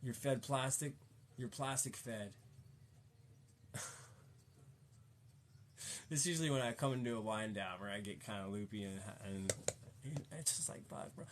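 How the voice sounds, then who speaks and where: A man's voice: fairly low pitch, fairly even intonation, normal speed, long pauses, background noise. A man in a casual, rambling chat, slangy and cussing, fired up and preachy as he talks to a viewer.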